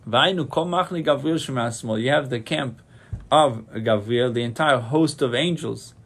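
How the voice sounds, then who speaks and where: A man teaches a Torah class as a rabbi, setting out Hebrew terms and then giving their meaning in plain words. He often goes back over a phrase to make the point land, with frequent restarts. His voice sits at an ordinary middle pitch for a man. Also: normal speed, gravelly, fairly bright tone, breathy edge. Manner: explains Hebrew terms then translates them, repeats phrases, many restarts. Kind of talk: Torah lecture.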